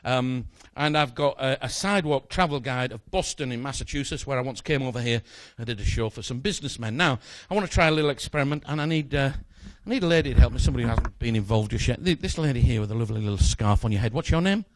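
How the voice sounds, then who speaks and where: A man's voice: medium pitch, expressive, quick pace, few pauses. A man performing a magic routine, chatting jokily with a volunteer from the audience on stage. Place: stage in front of a live audience.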